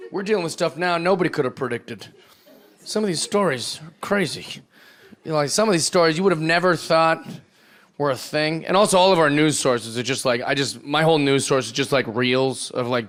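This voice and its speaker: A man performing stand-up comedy on stage before a live audience, animated and profane, acting out the voices of the people in his stories. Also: mid-range voice. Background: audience laughter.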